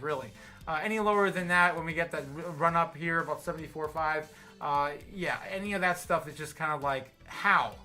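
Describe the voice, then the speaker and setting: A man's voice: fairly high pitch, pushed and bright. A man with an American accent hosting a livestream, giving casual market commentary while a little tipsy, rambling with many fillers and restarts. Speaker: livestream host.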